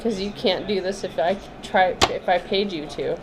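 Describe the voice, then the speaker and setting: A woman's voice: on the low side, moderate pace, noisy background. A woman in a casual vlog, demonstrating card shuffling step by step and laughing now and then.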